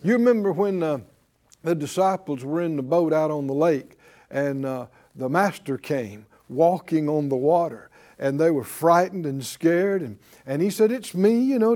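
A pastor with a mellow, fairly high-pitched male voice preaches a sermon. He builds emphasis in a call-and-response style, drawing replies from his congregation as his force rises.

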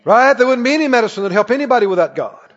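A man pastor preaching a sermon emphatically, rising to shouts and dropping to quick asides. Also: very high voice, expressive. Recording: dull sound with long church reverb.

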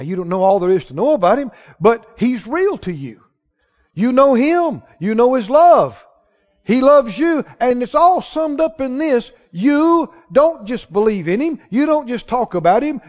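High-voiced preacher in a big echoing hall. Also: male voice, big pitch swings, unhurried. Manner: emphatic, rising to shouts on key lines. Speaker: pastor. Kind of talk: sermon. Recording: dull sound with long hall reverb.

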